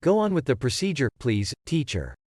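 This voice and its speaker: A man's voice: medium pitch, huge pitch swings, moderate pace, a little mellow, no room sound, clean studio sound. A man reading as a patient, matter-of-fact experimenter. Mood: level, insistent. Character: calm, patient male lab experimenter.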